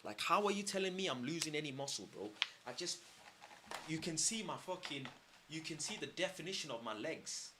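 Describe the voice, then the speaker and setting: A man's voice: fairly high pitch, animated, brisk, noisy background. A man streaming casually, boastful and heated, swearing a lot and using street slang. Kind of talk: casual livestream chat.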